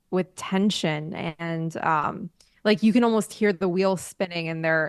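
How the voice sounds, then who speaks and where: A woman's voice: lowish voice, clear, resonant tone, dry recording. Woman co-host in dry casual chat. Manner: animated, thoughtful, laughs often. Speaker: podcast co-host. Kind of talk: casual chat about a TV series.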